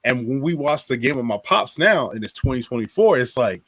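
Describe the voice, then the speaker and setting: A man's voice: mid-range voice, expressive, brisk, a bit bright, dry recording. Man, slangy, rambling, dry recording. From Philadelphia. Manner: slangy, rambling, laughs while talking. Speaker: podcast co-host. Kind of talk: casual fan chat.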